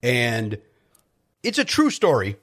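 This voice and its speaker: A man, telling stories as a podcast guest in an animated, joking way. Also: mid-range voice. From South Side of Chicago. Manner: animated storyteller, quick jokey asides. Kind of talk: casual chat.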